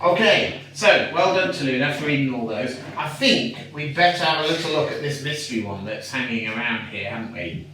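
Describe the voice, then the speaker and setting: A teacher giving a patient phonics lesson to a young child, sounding out words slowly and praising often. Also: mid-range voice, animated, distant mic, a crowd in the background. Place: home room. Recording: echoey room, away from the mic, faint noise.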